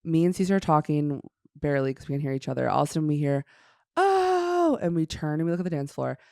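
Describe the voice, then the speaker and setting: Woman in her 30s, comedian guest, animated storyteller, smooth clear voice, dry close sound. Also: sits low, very fast, no echo. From Chicago. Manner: animated, rambling, self-mocking. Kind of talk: casual podcast storytelling.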